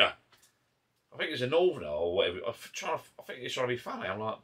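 A vlogger from Essex, England, speaking with an Essex English accent, chats casually over beers in his garden pub shed, captured on a camera mic. He's rambling and chatty, breaking off mid-thought. His mid-range voice has big pitch swings and is a bit bright and slightly rough, and he talks fast.

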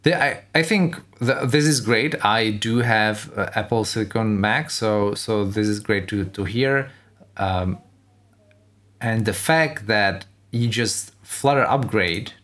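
A man with a fairly low voice talks through a tech presentation in casual, off-the-cuff commentary. He thinks aloud and sounds enthusiastic about what he hears. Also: slow pace, fairly bright tone. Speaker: host reacting to a tech keynote. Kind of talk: casual commentary over video.

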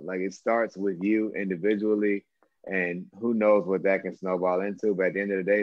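A man's voice: low-pitched, no echo. A man who is a former athlete speaking as a panelist on a video call, earnest and emphatic in a plain-spoken way. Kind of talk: panel discussion. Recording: dull, dry lo-fi audio.

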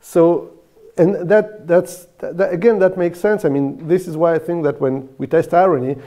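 Brief: male researcher in a seminar Q&A, slightly high voice, mellow tone, stumbles and restarts. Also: steady tone, moderate pace. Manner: explaining, many restarts and repeated words. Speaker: speaker answering questions. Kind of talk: academic Q&A discussion.

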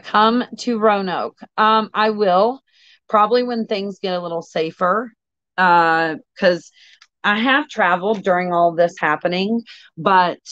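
A woman's voice: lowish voice, no room sound. A woman hosting a casual livestream chat, talking with viewers and easily sidetracked. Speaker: livestream host. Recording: dull lo-fi audio.

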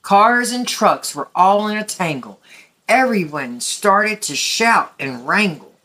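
A woman reading a picture book aloud at story time, gently and expressively for young children. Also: medium pitch, expressive, slow.

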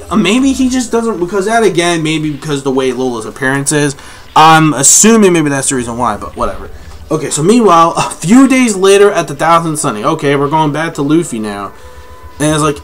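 Excitable, cursing young man reacting live. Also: a little high, brisk, faint music behind. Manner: excitable, swears a lot, reads panels aloud. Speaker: manga reviewer.

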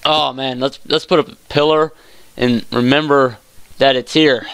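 Slow, gravelly young man chatting through a game. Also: mid-range voice, no room sound. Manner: chatty, self-talking, excitable outbursts; says y'all often. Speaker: let's play gamer. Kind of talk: casual game commentary.

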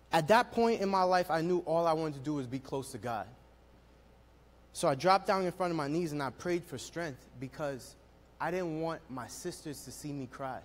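A man's voice: a little high, slight background noise. A young man telling his personal testimony at a worship service, speaking with emotional, building storytelling. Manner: emotional storytelling, rising in intensity.

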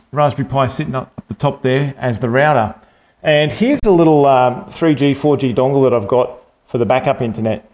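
A man hosting a casual tech video, talking through a screen share in a relaxed, rambling way with plenty of fillers and the odd swear. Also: medium pitch. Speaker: tech channel host. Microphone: desk microphone for the screen segment.

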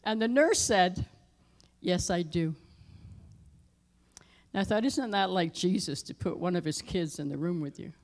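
A middle-aged woman pastor telling a personal story in a sermon, dropping her voice low for tense moments and rising loud for emphasis. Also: unhurried, pauses often. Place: church sanctuary.

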